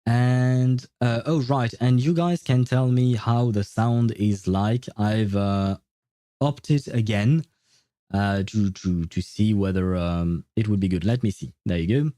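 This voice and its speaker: A man's voice: lowish voice, measured pace, mellow, dry recording, clean studio sound. A man streaming a game, chatting casually and thinking aloud with many fillers and restarts. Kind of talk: casual livestream chat.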